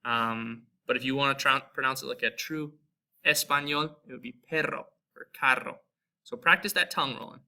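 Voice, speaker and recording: A young American man with an American accent, giving a relaxed spoken lesson and slowly repeating example words. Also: mid-range voice. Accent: American English. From United States. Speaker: Spanish teacher.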